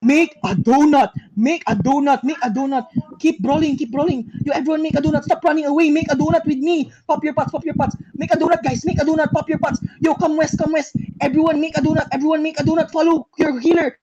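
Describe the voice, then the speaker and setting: A woman's voice: high-pitched, steady tone, fast talker, muffled recording, noisy background. A young woman calling shots in game voice chat, repeating urgent commands with exasperation. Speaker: shotcaller.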